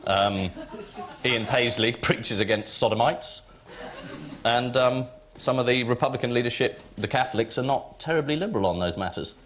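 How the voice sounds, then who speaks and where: A male satirist on a panel show talks in a wry, measured way. His voice sits at a mid pitch. He comments on the news with dry irony. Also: a bit bright. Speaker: team captain.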